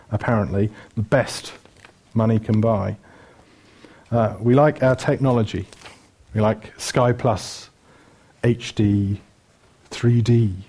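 A man's voice: medium pitch, darkish tone. A middle-aged man from Wales, preaching a chatty sermon, joking and listing things with lots of ums. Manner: chatty and joking, lists things with many fillers.

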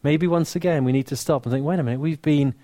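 A man with an English accent preaching a sermon, earnest and warm, dropping to soft, hushed lines for emphasis, with touches of dry humor. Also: fairly high pitch, fast talker, dry recording. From England. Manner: earnest, softening to near-whisper on key lines, dry humor.

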